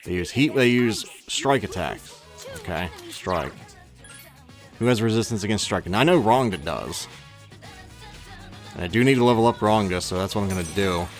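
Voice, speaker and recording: A deep-voiced man talks through his gameplay in a loose, rambling way. He often stops to correct himself and chuckles at his own remarks. Faint game music plays behind him. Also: expressive, normal speed, pauses often. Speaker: let's play gamer. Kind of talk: casual gameplay commentary.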